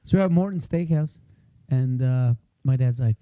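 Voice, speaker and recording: A man's voice: mid-range voice, moderate pace, clear, resonant tone, no echo, lo-fi sound. A man co-hosting a podcast, telling profane stories in casual chat and laughing often. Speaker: podcast co-host.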